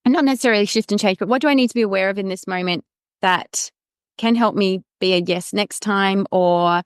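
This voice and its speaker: A woman hosting a podcast, with a smooth, clean voice in a dry, close sound. She keeps agreeing and encouraging as she talks. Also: mid-range voice, brisk, no room sound. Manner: affirming, encouraging. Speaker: podcast host. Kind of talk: casual podcast interview.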